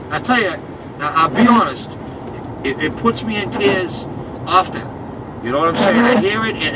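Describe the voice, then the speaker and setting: A man from Boston, a cab passenger, gives a heated and profane rant with a slightly high voice that keeps circling back on itself. He sits some way off the mic, half buried under loud road and engine noise inside the taxi. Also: far from the mic. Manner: emphatic, profane, repeats himself.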